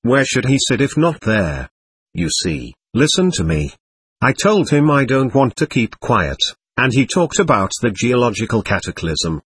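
A man voicing a delirious young man raving slowly in court, in a husky voice with a lively pitch. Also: dry recording, heavily acted. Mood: rambling. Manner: rambling, slow and brooding.

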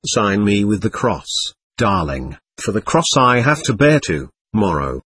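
A man's voice: on the low side, very animated, unhurried, a bit bright, a little hiss or hum, voice pushed down. Man reading as an anguished young man facing trial. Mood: pleading. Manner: desperate, pleading. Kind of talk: audiobook reading.

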